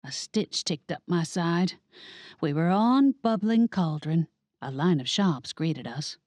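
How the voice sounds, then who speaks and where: Woman narrator for a comic mystery audiobook; wry, very expressive rise and fall. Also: lowish voice, takes it slowly, no echo, studio quality. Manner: animated, wry, dramatic. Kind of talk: first-person audiobook narration.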